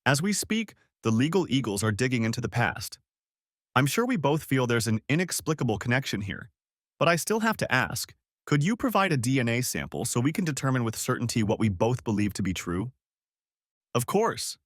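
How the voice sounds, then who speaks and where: A suave, wealthy film star speaks with a thick French accent and polished courtesy, voiced by a man reading the story. His pitch moves freely and the sound is close and dry. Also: sing-song, fairly quick, no room sound. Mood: charming.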